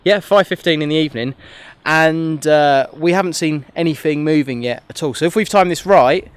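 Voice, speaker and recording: A man's voice: on the high side, moderate pace, smooth, no echo. A man chatting casually in a vlog, in a self-deprecating way, from a car and by the roadside. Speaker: vlogger. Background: music.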